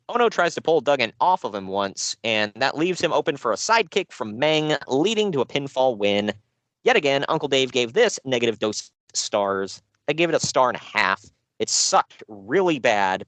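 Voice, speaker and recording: A man co-hosting a casual podcast about wrestling shows, sarcastic and animated, laughing often. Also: medium pitch, normal speed, no room sound.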